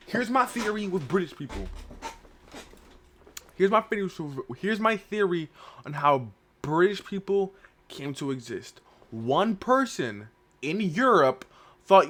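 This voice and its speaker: A man with a high, wildly swinging voice tears into a mocking, foul-mouthed comedy rant. He shouts, swears and jumps between pitches as he reacts. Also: sing-song, measured pace, long pauses. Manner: loud, mocking, swears constantly, mimics voices. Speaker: streamer reacting to a video.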